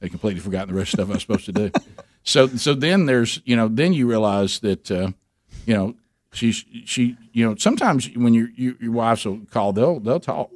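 A man's voice: medium pitch, expressive, brisk, no room sound. A man hosting a radio talk show, telling a long story in a rambling, chuckling way, full of restarts, in a studio.

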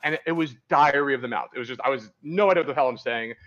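Man, dating coach, podcast guest, rambling candid stories, middle pitch, lo-fi recording. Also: very fast, fairly bright tone. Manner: rambling, candid storytelling with many restarts. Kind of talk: casual podcast interview.

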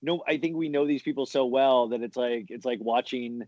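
Halting man chatting as podcast guest. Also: mid-range voice, darkish tone, no echo, muffled recording. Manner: halting, many restarts and fillers. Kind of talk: casual podcast chat.

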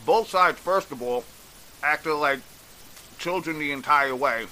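A man's voice: fairly high pitch, slow, bright, forceful tone, a little hiss or hum, poor audio. A man delivering a blunt, exasperated opinion rant on a vlog, swearing freely as he goes. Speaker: political commentator.

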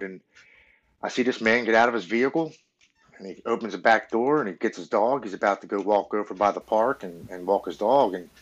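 A man's voice: lowish voice, breathy edge, muffled recording. A man in his forties, a podcast guest, earnestly telling his recovery story in a blunt, swearing, casual way.

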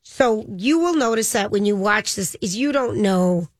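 A woman's voice: medium pitch, expressive, normal speed, dry recording. A woman co-hosting a casual chat, retelling a news story in a loose way with frequent ums and a dismissive "blah, blah.".

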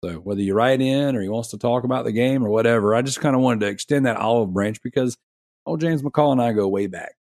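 A man's voice: mid-range voice, fast, a little mellow, no room sound, studio quality. Chatty male gaming podcast host. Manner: rambling, chatty, laughs often. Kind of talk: casual gaming podcast chat.

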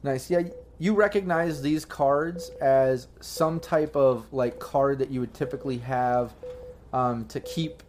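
A man narrating as game master in a tabletop role-playing game, rambling and filling pauses with "um" and "like" as he describes scenes. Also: mid-range voice, darkish tone, slight background noise. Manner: rambling, full of fillers and restarts.

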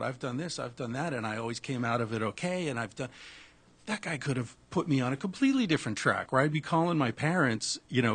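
Brief: casual raconteur, husky and gravelly, animated and blunt. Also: male voice, medium pitch. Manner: animated, swears freely, restarts. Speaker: guest telling a travel story. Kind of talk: casual storytelling.

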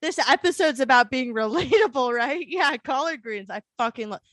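Animated Southern-raised woman podcaster. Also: sits high, moderate pace, no room sound, clean studio sound. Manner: animated, swearing, laughing storyteller. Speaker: podcast host. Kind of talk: casual chat.

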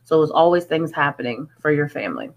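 A woman's voice: deep voice, big pitch swings, fast talker, highs cut off. A woman who is a music artist, talking in an earnest, chatty way with many fillers in a casual interview.

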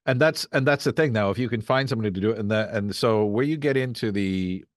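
Man from Canada, guest voice actor, lowish voice, loose rambling storyteller, dry close sound. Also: fast, no echo. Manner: rambling, storytelling with acted-out quotes. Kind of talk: casual podcast chat.

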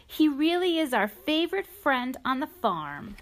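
A woman reading aloud as two excited little granddaughters in a children's storybook. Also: high-pitched, measured pace, pitched above the performer's own voice, heavily acted. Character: two giggly little farm girls, excited.

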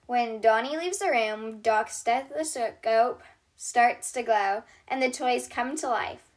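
A woman hosting a channel where she reads children's storybooks aloud in a gentle voice. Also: a little high. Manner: gentle, unhurried reading voice.

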